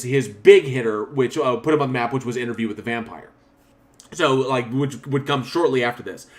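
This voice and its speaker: Guy on a horror podcast, mid pitch, rambles and swears, laughs a lot. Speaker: podcast co-host. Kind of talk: casual film review chat.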